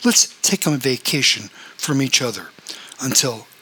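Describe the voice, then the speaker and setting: A man's voice: mid-range voice, animated, unhurried, bright, forceful tone, slightly rough, full character voice, poor audio. A man voicing a formal, reserved young woman on the phone in a story reading. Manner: formal and cool.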